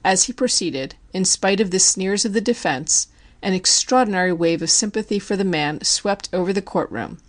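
Her pitch at a medium level, a woman reads scripted audiobook narration with a steady, even storytelling delivery.

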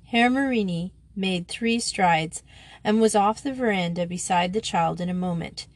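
A woman narrating a children's novel in a steady, measured reading. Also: on the low side, dry recording. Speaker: audiobook narrator. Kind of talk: scripted narration.

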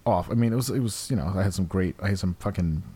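A man's voice: low-pitched, quick pace, warm tone, breathy edge. A man in his thirties hosting a podcast, talking in a rambling, crude way full of fillers. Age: 30s. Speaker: podcast host. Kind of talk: casual chat. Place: room with a window open near a porch.

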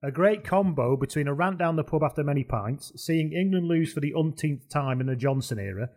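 A man's voice: on the high side, lively intonation, brisk, a little mellow. A man hosting a rugby podcast in casual chat, jokey and rambling. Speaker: podcast host.

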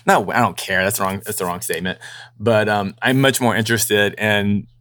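A man's voice: lowish voice, steady tone, normal speed, fairly bright tone, dry recording. A young man who works as a combat sports journalist, chatting casually on a podcast, rambling with lots of restarts and the odd mocking impression.

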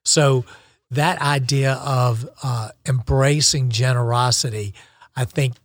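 A man's voice: mid-range voice, fairly even intonation, takes it slowly. A man co-hosting a podcast in casual chat, reflective and encouraging, often restarting his phrases. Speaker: podcast co-host.

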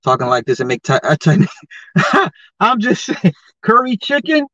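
A man hosting a podcast, giving confrontational social commentary and firing off rhetorical questions, his voice jumping high when he gets heated. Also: sing-song, moderate pace, sharp tone, dry recording. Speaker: podcast host. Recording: dull lo-fi podcast mic, dry.

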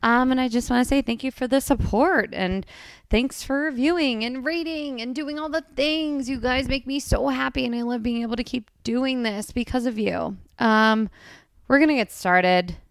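A woman's voice: high voice, moderate pace, creaky, clean tone, no echo, studio quality. A woman from New Jersey hosting a podcast, chatty and giggly as she gushes over her guest. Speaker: podcast host. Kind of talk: casual podcast chat.

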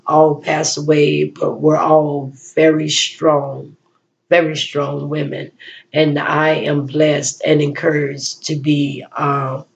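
A woman giving a spoken-word poetry recital and a personal reflection, with slow, measured delivery, pausing often and restarting phrases. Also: deep voice, creaky.

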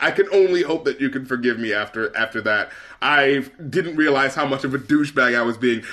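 A man's voice: mid-range voice, bright, forceful tone. A man co-hosting a podcast in casual chat, swearing and laughing often. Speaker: podcast co-host.

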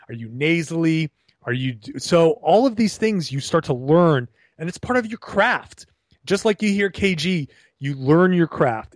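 A fairly high-voiced young man from Rhode Island, his regional accent trained into a neutral broadcast delivery. He tells stories in an animated, chatty way, stumbling and restarting as he goes. The recording is dry and close. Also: no room sound. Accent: neutral General American, trained. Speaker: guest, broadcaster and blogger. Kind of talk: casual podcast interview.

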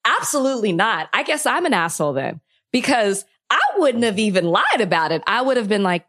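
A woman's voice: medium pitch, very animated, a little fast, a bit bright. A woman on a podcast giving her opinion bluntly and with force. Her voice swings up and down a lot as she talks. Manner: blunt, emphatic, laughs often. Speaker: podcast co-host. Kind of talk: casual chat.

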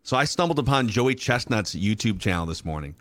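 A man's voice: fairly low pitch, big pitch swings, brisk, a bit bright, dry recording. A man hosting a casual podcast, chatting and passing along facts he looked up. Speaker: podcast host.

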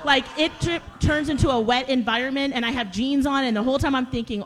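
High-voiced animated woman telling a story. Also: brisk, hardly any pauses. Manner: animated, laughing, acts out quotes. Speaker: co-host. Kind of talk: casual storytelling.

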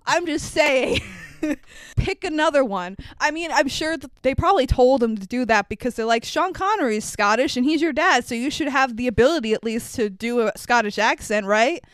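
A woman talks through a film with a partner in loose, casual chat, sarcastic and quick to laugh. Her voice sits high and sounds smooth and clear. The sound is close and dry. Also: no echo. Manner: sarcastic, animated, laughs often, swears. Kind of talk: casual movie recap chat.

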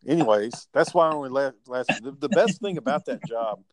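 A man telling work stories in casual chat, animated and profane, acting out the people he quotes. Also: mid-range voice, brisk.

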